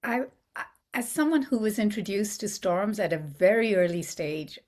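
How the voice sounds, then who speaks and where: A woman hosting and moderating a panel conversation over a video call, friendly and quick to laugh. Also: mid-range voice, animated, darkish tone. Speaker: host, moderator.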